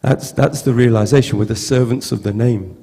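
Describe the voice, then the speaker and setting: A man giving a halting, heartfelt storytelling tribute at a memorial gathering, often repeating words. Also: medium pitch, mellow, long reverb tail. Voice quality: gravelly. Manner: halting, repeats words, acts out quoted voices. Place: temple hall with long reverb.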